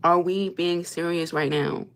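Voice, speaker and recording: A woman's voice: on the low side, steady tone, measured pace, a bit bright. A young woman on a live stream, venting about her marriage in an exasperated, emphatic way and repeating her points. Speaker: livestreamer reacting to super chats. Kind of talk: heated live-stream rant.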